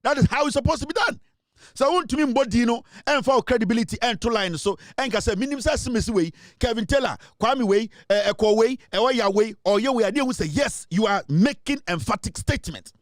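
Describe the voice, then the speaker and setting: A Ghanaian man delivers fiery political commentary, scolding and insistent as he switches between Twi and English. His voice sits high for a man. The recording is dry and close, with no room sound. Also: lively intonation, brisk, dry recording.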